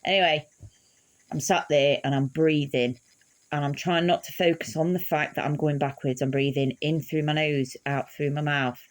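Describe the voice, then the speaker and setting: A woman with a lowish voice tells a story in a chatty, unfiltered way. She swears freely and laughs through the telling. She sounds relaxed and conversational. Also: moderate pace. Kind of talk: casual anecdote.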